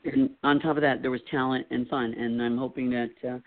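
An older man talks as a guest in an easygoing, joking, rambling way. His voice sits at a middle pitch. It comes through a narrow, phone-like line. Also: little pitch movement, fairly quick, slight background noise. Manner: jokey, rambling, slips into impressions. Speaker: guest entertainer. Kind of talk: casual interview chat.

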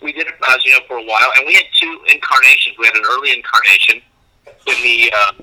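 A man's voice: mid-range voice, fast, rough recording. A man, a comedian guest, telling stories casually and acting out old exchanges in a raised voice. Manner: animated, acts out dialogue in a raised voice. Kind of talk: casual interview storytelling.

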